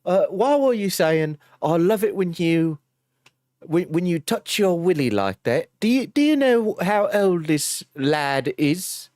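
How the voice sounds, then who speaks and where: A man's voice: high-pitched, sing-song, unhurried, a little mellow, no echo, clean studio sound, pitched above the performer's own voice. A man putting on a British accent to play a rowdy male predator catcher, raising his voice and stammering through lines. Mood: scolding. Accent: British, put on.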